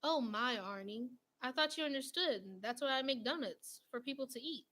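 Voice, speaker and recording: A woman's voice: high-pitched, normal speed, fairly bright tone. A woman voicing a cheerful, matter-of-fact male baker in a read-aloud storybook.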